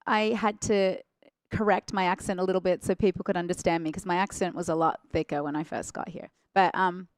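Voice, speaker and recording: A middle-aged Australian woman, a guest in a studio interview, chatting casually in an animated way and laughing often. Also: lowish voice, brisk, dry recording. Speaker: guest actress.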